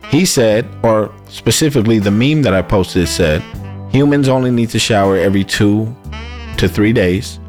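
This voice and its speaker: A man with a low, lively voice hosts a casual podcast chat, reading listener comments aloud with relaxed emphasis. Faint music plays underneath. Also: normal speed. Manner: laid-back, reads comments aloud with emphasis. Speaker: podcast co-host. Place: podcast studio.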